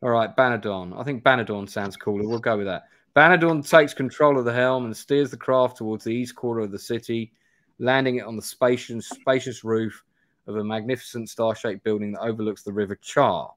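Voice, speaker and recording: A man hosts a live play-through, moving between reading aloud and casual asides. His mid-pitched voice is chatty and full of self-deprecating rambling. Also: brisk, fairly bright tone, no echo, clean studio sound. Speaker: host reading a gamebook live. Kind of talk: live-stream play-through narration and chat.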